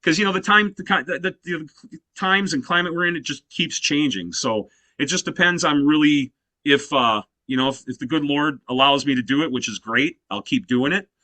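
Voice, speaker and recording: A man in his fifties with a slightly higher, bright and forceful voice, talking as an interview guest. He tells stories with lively animation and fills gaps with "you know". The sound is dry and close. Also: moderate pace, no echo. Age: 50s. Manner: animated storyteller, heavy use of "you know" fillers. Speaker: guest musician. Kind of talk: casual interview chat.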